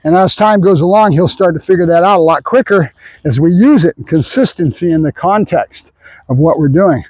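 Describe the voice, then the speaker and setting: High-voiced man explaining dog training. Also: moderate pace, a little mellow, no room sound, poor audio. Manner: casual, talks to the viewers with frequent "right?" asides.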